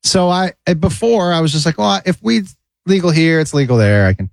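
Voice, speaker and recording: A man with a fairly high, lively voice tells a rambling travel story as a stand-up comedian. He slips into the voices of the people he meets, recorded dry and close. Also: a little fast, gravelly, no echo. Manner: animated, acts out voices in anecdotes. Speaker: comedian guest. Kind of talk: casual storytelling chat.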